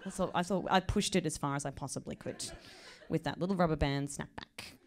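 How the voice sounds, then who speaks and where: A woman's voice: sits low, fairly quick. Self-mocking young woman doing stand-up. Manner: chatty and self-mocking, with stumbling restarts. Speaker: stand-up comedian. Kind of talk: live stand-up comedy. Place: live comedy venue with an audience.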